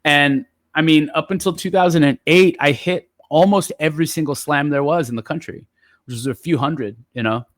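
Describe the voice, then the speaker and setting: A man telling stories in relaxed, casual chat as a guest poet, with lots of fillers. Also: a little high, moderate pace, no echo, studio quality. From San Jose area. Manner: relaxed, chatty storyteller with many fillers.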